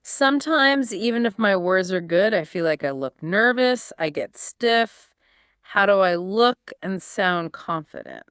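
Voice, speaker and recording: Female co-host, unhurried and smooth, asks questions and sums up points. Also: mid-range voice, animated, a bit bright, dry recording, studio quality. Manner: asks questions, repeats key points back. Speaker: podcast co-host. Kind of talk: scripted teaching dialogue.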